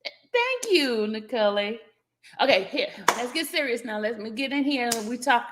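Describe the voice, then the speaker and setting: There's background noise as a woman hosts a casual livestream in a slightly high, expressive voice at a moderate pace. She's playful, welcoming viewers individually by name and frequently laughing while teasing them.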